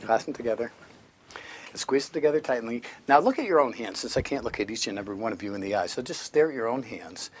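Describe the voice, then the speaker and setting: A man's voice: medium pitch, lively intonation, fast. A man working as a stage hypnotist, giving commanding, repetitive, playful suggestions to volunteers at a live show. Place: live show before an audience. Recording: noisy live recording.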